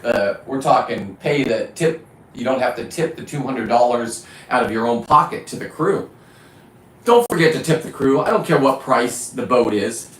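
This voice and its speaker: A man's voice: medium pitch, animated, normal speed, a bit bright, roomy sound, rough recording. A middle-aged man hosting a live stream, ranting in a blunt, profane, rambling way. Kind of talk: casual live-stream rant.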